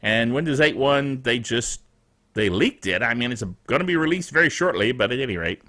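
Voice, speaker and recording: A man's voice: mid-range voice, moderate pace. A man hosting a casual tech news show, reading the week's stories with jokey asides and chuckling at himself. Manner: animated, jokey, chuckles at his own asides.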